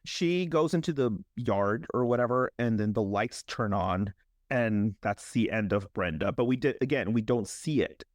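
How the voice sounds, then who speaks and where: Animated male podcast host, dry sound. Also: on the low side, normal speed, no echo. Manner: animated, acts out characters' lines in exaggerated voices. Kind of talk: casual chat recapping a movie.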